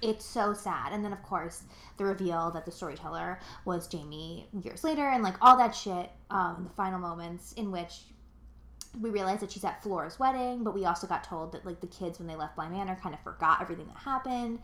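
In her twenties, this podcast co-host has a lowish, bright, forceful voice and a brisk delivery. Her casual chat rambles, leans heavily on fillers, swears freely and turns emotional, with a roomy echo on the recording.

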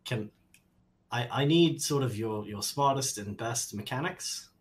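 A man speaking as a player in a tabletop game, halting and hesitant with many fillers. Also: medium pitch. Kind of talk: playing a character in a tabletop game.

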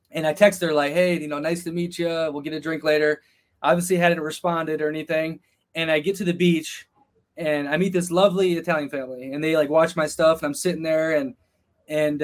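A podcast guest with a high, light voice loosely recounts a rowdy travel story. He swears freely and slips into quick voices for the people he quotes.

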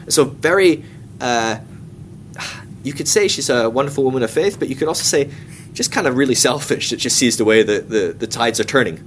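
A man's voice: mid-range voice, animated, normal speed, fairly bright tone, slight background noise. Chatty man teaching a Bible class. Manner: chatty and irreverent, with comic asides and acted-out quotes.

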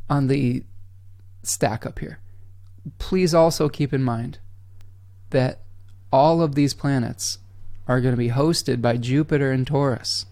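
A man hosts an astrology channel livestream, speaking slowly at medium pitch with fairly even intonation and frequent pauses, in clean studio sound with no room sound. Earnest and candid, he often checks in with listeners, is blunt and drops mild swears, and gets emotional, sometimes softening to a near-whisper.

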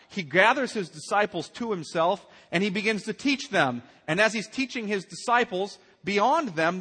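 A man's voice: on the high side, bright, forceful tone, breathy edge, in a large hall. A man preaching a sermon as pastor, earnest and emphatic, asking his listeners questions. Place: church sanctuary.

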